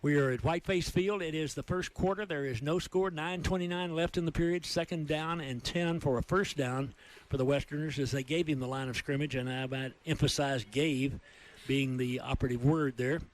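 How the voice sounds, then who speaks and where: A man with a Texan accent calling high school football play by play, with rapid excited calls during big plays. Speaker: play-by-play announcer.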